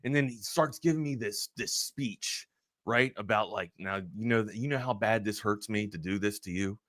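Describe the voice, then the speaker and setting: A man hosting a sports talk show, telling a long personal story in a rambling, animated way full of restarts. He is from Maryland. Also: on the low side, normal speed, dry recording, studio quality. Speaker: sports talk radio host.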